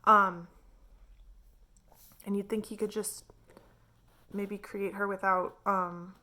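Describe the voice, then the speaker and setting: A woman's voice: mid-range voice, flat delivery, slow, bright, forceful tone. A woman reviewing a novel in casual, chatty talk full of filler words. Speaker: book reviewer. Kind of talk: casual chat.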